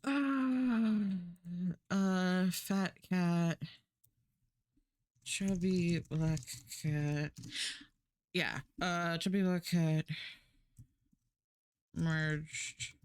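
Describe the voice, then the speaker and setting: A woman's voice: fairly low pitch, very slow, long pauses, a little mellow, clean tone, no room sound. A woman streaming live, chatting casually and rambling while she works, laughing often and swearing now and then.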